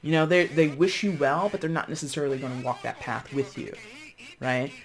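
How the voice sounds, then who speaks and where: A tarot reader talks straight to the camera in a loose, conversational reading. The speech is full of "like" and "you know", with restarts and quick voiced asides that mimic other people's reactions. The pitch sits in a middle range for the voice. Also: fairly even intonation. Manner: chatty, acts out other people's reactions in quotes; thinks aloud with frequent fillers and restarts.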